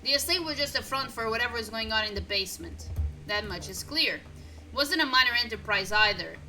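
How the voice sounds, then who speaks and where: A weary older fixer, blunt and worn down by grief, voiced by a woman reading game dialogue aloud. The reading is measured and tired, with a bright, rather high tone. Faint game music plays behind. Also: expressive, poor audio.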